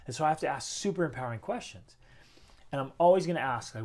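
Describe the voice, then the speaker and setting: A man's voice: mid-range voice, expressive, fast talker, a little mellow. A man in his thirties hosting a motivational talk at home, speaking emphatically and posing rhetorical questions. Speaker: host. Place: home with children playing nearby.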